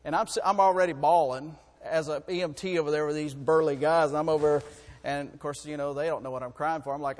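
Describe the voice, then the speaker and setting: A man, preaching a folksy sermon that rises to fervent shouting. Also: on the high side, quick pace, long reverb tail.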